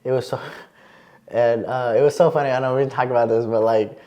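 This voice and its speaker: A man chatting as a podcast guest, a lively storyteller with plenty of fillers and restarts. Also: mid-range voice, fairly quick. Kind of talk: casual interview chat.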